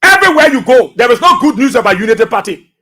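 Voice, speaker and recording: A man's voice: very high-pitched, big pitch swings, fast, pushed and bright. A man with a Liberian English accent hosting political talk radio, passionate and repeating phrases for emphasis.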